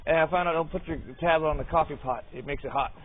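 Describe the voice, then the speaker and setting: A man's voice: on the high side, quick pace. A man filming puppies outdoors, joking and talking to them as he films. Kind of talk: casual running commentary while filming. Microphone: handheld camera or tablet. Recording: tinny lo-fi camera audio with outdoor noise.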